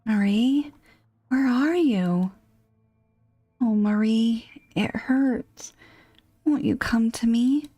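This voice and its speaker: A woman's voice: a little high, extremely slow, long pauses, warm tone, no echo, soft background music, pitched above the performer's own voice. A woman voicing a bewildered, wounded husband who pleads with his wife, in whispered role-play. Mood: pleading. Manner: pleading, rising anxious whisper.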